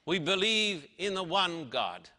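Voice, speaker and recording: A man preaching a sermon, slow and dramatic, stretching out his words and raising his voice on quoted lines. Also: sits high, very animated, bright, forceful tone. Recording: reverberant hall.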